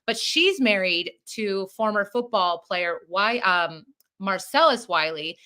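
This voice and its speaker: Chatty woman podcast co-host, bright clear voice, rambling delivery full of fillers, casual banter. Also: mid-range voice, lively intonation, takes it slowly. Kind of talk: casual chat.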